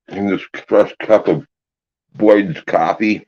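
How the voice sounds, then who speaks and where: A man hosts a laid-back morning livestream in a slow, easygoing drawl with a low voice. He talks through mouthfuls of food and chuckles between bites. The audio is dull and lo-fi. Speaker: livestream host. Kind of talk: casual live chat.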